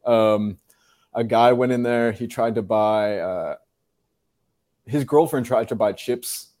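A man's voice: medium pitch, takes it slowly, a little mellow. A man, a guest reporter chatting casually on a podcast and laughing along. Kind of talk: casual chat.

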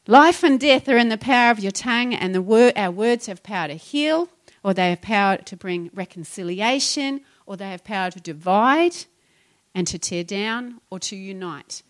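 A woman's voice: medium pitch, expressive, normal speed. A middle-aged woman preaching a sermon, exhorting her congregation with rhetorical questions. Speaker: pastor.

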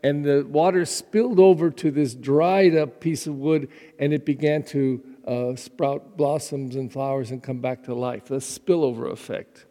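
A man who is a pastor, giving a relaxed, conversational homily with frequent fillers and repeated words. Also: medium pitch, unhurried, few pauses. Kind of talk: podcast homily. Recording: long hall reverb.

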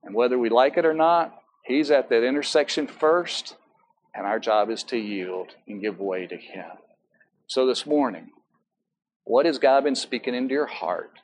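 A man's voice: medium pitch, expressive, moderate pace, poor audio. A man preaching as pastor in a church, talking in a conversational way with many asides and self-corrections. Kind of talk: sermon. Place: church sanctuary.

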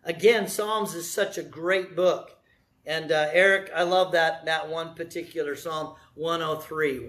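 High-voiced man preaching a sermon. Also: fairly bright tone. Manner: conversational preaching, storytelling with asides; asks the congregation questions. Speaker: pastor.

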